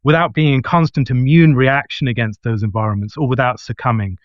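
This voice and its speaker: A man's voice: mid-range voice, steady tone, brisk, dry recording, muffled recording. A man who is a guest scholar, giving an articulate, reflective answer that builds a long argument. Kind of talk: discussion answer.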